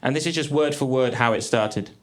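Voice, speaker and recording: A man in his thirties doing a stand-up comedy set on a theatre stage, with a dry, deadpan delivery. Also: medium pitch, brisk. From England. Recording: live theatre with crowd laughter. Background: audience laughter.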